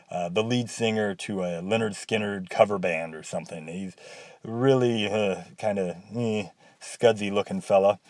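A man's voice: fairly low pitch, a little mellow, dry recording. A man giving casual, rambling commentary on a video game, with wry, sarcastic asides. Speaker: game reviewer.

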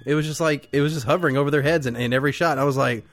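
A man's voice: a little high, racing, faint music behind. A man co-hosting a film podcast, telling long rambling stories in casual chat, laughing often and swearing freely. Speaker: podcast co-host.

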